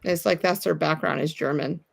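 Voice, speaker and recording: A woman's voice: low voice, steady tone, brisk, creaky. A woman guesting on a casual livestream, talking in a rambling way with lots of fillers. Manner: talkative, rambling, many fillers like "like". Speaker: guest co-host.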